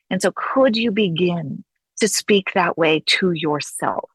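Low-voiced earnest woman guest. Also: slightly rough, no room sound, low-quality recording. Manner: earnest, reflective, slows down to stress key phrases. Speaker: guest author and counselor. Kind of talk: conversational interview.

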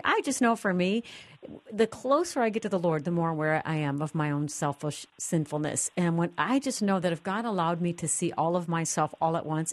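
A woman hosting a faith radio show, speaking with a slightly low voice. She is earnest and prayerful, and she shares her thoughts sincerely. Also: no room sound. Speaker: host.

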